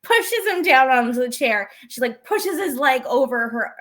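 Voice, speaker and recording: High-voiced woman recapping with animation. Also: normal speed, noisy background. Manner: animated retelling, acting out lines. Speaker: podcast co-host. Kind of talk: casual recap chat.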